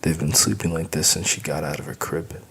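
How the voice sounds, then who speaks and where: Very deep gravelly male audiobook narrator. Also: fairly quick, fairly bright tone. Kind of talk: first-person audiobook narration.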